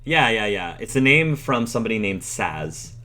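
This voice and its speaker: A man's voice: on the low side, sing-song, moderate pace, pushed and bright, soft background music. A man narrating as game master in a tabletop role-play, casual and a little hesitant.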